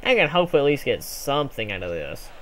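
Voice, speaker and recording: A young man casually commenting on a sports video game he is playing, rambling and excitable with sudden yells. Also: medium pitch, fairly quick, a little hiss or hum. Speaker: gameplay commentator. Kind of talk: casual let's play commentary.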